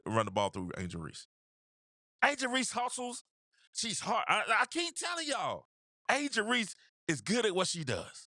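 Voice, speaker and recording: A man hosting a sports talk show, giving casual basketball commentary in an animated way, repeating his points and talking straight to his viewers. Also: sits high, no echo, studio quality.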